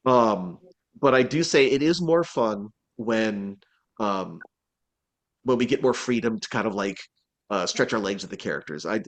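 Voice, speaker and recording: Speaking at a measured pace in a voice on the low side, this voice actor guest chats casually in an interview. He rambles, restarts repeatedly, fills pauses, and animates the quotes he performs.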